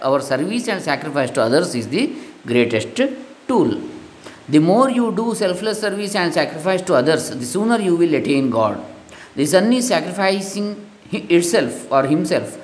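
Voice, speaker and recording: Earnest man reading a spiritual lesson. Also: on the high side. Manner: earnest, moralizing. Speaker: spiritual teacher. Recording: echoey room.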